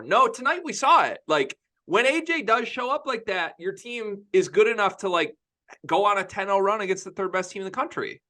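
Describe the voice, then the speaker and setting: A young man talks basketball on a podcast, pressing his opinions hard and circling back to repeat them. His voice sits fairly high and rings bright. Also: animated, brisk. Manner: opinionated, emphatic, repeats himself. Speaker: podcast co-host. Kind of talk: casual sports podcast chat.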